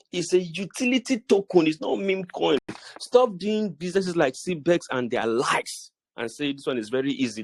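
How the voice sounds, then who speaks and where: Speaking to his business group, a middle-aged Nigerian-accented man delivers a motivational talk in a slightly rough, medium-pitched voice, recorded with no echo. His manner is preachy and repetitive, full of stammers, restarts, and repeated phrases.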